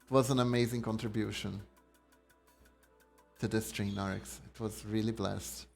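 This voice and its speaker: A man's voice: on the low side, flat delivery, normal speed, creaky, faint music behind. A man live-streaming a card game, reading card text aloud and chatting casually with his viewers. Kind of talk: casual live-stream chat while gaming.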